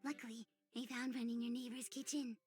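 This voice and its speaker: A woman voicing an odd, whimsical young woman hosting a tea party, rambling dreamily with sudden leaps in pitch. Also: little pitch movement, fairly quick, a little mellow, slightly rough, soft background music.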